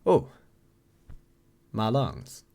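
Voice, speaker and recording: Lively swearing Irish young man. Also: fairly low pitch, drawn-out words, gravelly. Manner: profane, rambling, self-mocking. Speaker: vlogger. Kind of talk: casual storytelling to camera.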